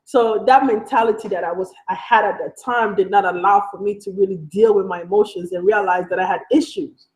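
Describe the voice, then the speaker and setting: A woman's voice: medium pitch, steady tone, fairly quick, rough recording. A young adult woman from Africa, telling a personal story in a candid, conversational way that wanders and keeps catching itself. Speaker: vlogger.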